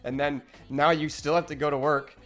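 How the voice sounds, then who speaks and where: A man's voice: fairly high pitch, steady tone, normal speed, fairly bright tone, faint music behind. A young man streaming live, rambling in casual, profane chat with lots of restarts.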